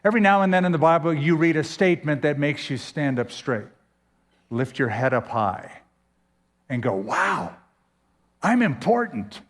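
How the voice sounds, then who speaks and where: A man preaching a sermon as pastor, emphatic, with dramatic pauses and sudden swings in pitch. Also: big-room sound.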